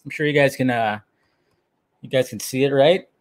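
A man's voice: mid-range voice, moderate pace. A man hosting a livestream in loose, casual chat, greeting viewers by name and swearing now and then. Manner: loose and chatty, reads out viewer names. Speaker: livestream host.

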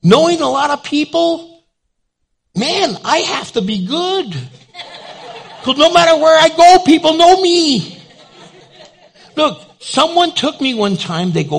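A man's voice: high-pitched, unhurried, creaky, breathy edge. An older man preaching a sermon as pastor, telling stories and acting out the people in them. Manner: animated, acts out the people in his stories. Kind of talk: storytelling sermon.

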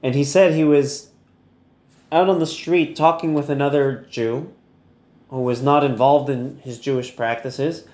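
A man's voice: medium pitch, darkish tone, echoey room. A man teaching an online Torah lesson in a casual, chatty storytelling manner, laughing easily.

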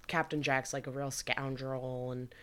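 A woman's voice: a bass voice, little pitch movement, measured pace, fairly bright tone. A woman in her twenties, a podcast co-host, telling stories in a loose, casual way and swearing freely. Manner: loose, profane storytelling. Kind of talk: casual chat.

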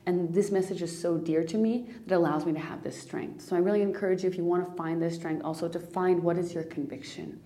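A woman's voice: fairly low pitch, warm tone. A woman hosting a personal spiritual podcast, talking earnestly and emotionally, near tears, often restarting and repeating phrases. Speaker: podcast host.

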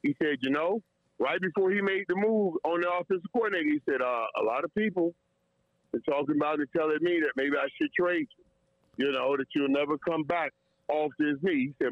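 A man's voice: fairly high pitch, a little fast, dry recording, phone-quality sound. A man telling a story in casual chat, emotional and tearing up, stumbling over repeated words and laughing often. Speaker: guest storyteller.

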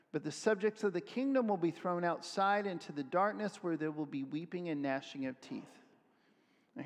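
A man preaching a sermon, reading scripture aloud and acting out the voices of people in it with animated energy. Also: sits high, big-room sound. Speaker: pastor.

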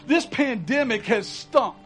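A man's voice: very high-pitched, lively intonation, a little slow, a bit bright, faint music behind, poor audio. A man preaching a sermon as pastor, folksy and conversational, building to urgent repeated emphasis.

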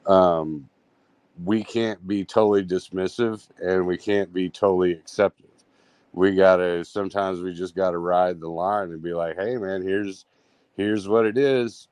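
A man's voice: sits low, fairly even intonation, a little slow, a little mellow, clean tone, dry recording. A man co-hosting a casual call-in talk show, rambling in a laid-back way and laughing along with his partner.

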